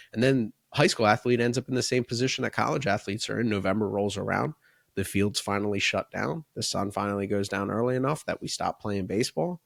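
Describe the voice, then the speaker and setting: Gravelly-voiced man coaching on a podcast. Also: fairly low pitch, no room sound, studio quality. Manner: talks in long run-on thoughts, often adding "right?" and "like". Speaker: baseball coach and podcast co-host. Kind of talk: casual podcast discussion.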